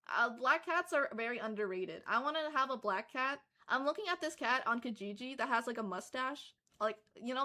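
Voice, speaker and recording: A woman's voice: fairly high pitch, pushed and bright. A young woman livestreaming in casual chat, rambling with lots of fillers, who says she lives in Canada. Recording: faint music behind.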